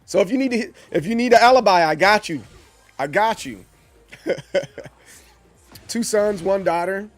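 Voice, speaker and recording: A man's voice: high voice, a little slow, pauses often. A man, chatting casually with his stream audience. He talks animatedly, stumbling over restarts. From Southern US. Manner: animated, stumbling restarts, acts out quoted voices. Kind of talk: casual live-stream chat with chat.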